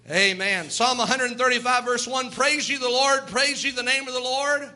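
A man's voice: very high-pitched, fairly even intonation, normal speed, sharp tone. A man preaching a sermon, reading scripture and urging his congregation to praise with fervent, rhythmic delivery. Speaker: pastor.

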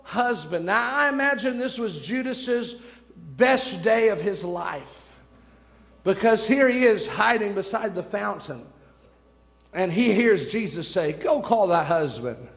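A man's voice: sits high, animated, slow, vocal fry, fairly bright tone, in a large hall. A man preaching a sermon in a church, fervent and repetitive, firing off rhetorical questions.

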